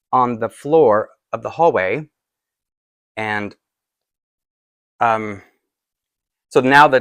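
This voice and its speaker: A man's voice: medium pitch, a bit bright, no room sound. A man in his forties telling a personal story in a casual, rambling way, with many fillers and restarts. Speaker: doll collector vlogger.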